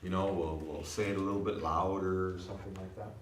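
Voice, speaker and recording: A low-pitched man talks fast in a steady tone as he teaches a language class. He explains each word in stages and checks on his students with repeated lines like "you know what I mean?" The clip comes from far away in an echoey classroom, with slight background noise.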